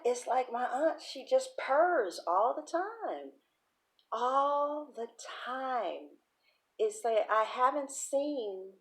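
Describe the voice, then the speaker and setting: Chatty tarot reader, female, lively swooping delivery, salty language. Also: fairly high pitch. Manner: chatty, animated, profane storytelling. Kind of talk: casual livestream reading.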